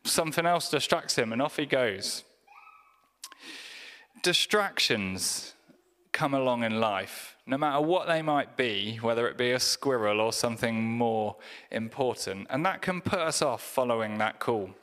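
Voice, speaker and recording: A pastor delivers a sermon in a relaxed, storytelling way with touches of humor. He speaks slowly at a mid pitch. His voice rings through a reverberant church hall.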